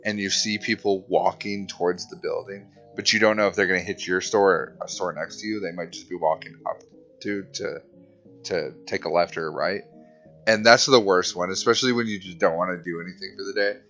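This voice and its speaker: A man's voice: deep voice, steady tone, a little fast, a bit bright, dull audio, soft background music. A young man hosting a let's play, casually rambling, swearing and reading game text aloud.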